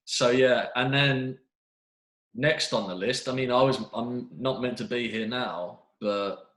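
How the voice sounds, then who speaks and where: A young man chatting as a guest on a podcast, telling stories in a relaxed way. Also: medium pitch, measured pace, roomy sound, low-quality recording. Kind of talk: casual podcast chat.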